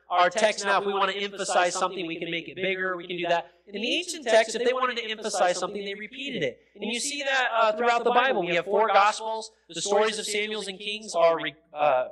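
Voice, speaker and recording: A man with a high, light voice preaches a sermon in a church, explaining patiently and then pressing hard on his key points until he is almost shouting. The recording is poor, with the murmur of a congregation behind him. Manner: explanatory teaching with repeated phrases and fillers. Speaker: pastor. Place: church sanctuary. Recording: noisy sanctuary recording with crowd sound, poor audio.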